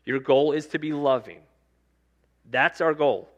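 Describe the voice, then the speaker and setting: A man's voice: on the high side, measured pace, dull audio. A male pastor delivering a sermon in a conversational preaching style, circling back to repeated refrains. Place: church sanctuary.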